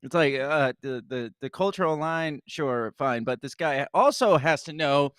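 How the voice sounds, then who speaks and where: A man's voice: on the high side, measured pace, fairly bright tone, clear, resonant tone, no room sound, studio quality. Wry male podcast co-host reading the news. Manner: wry, hesitant with fillers. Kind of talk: casual news-commentary chat, reading stories aloud.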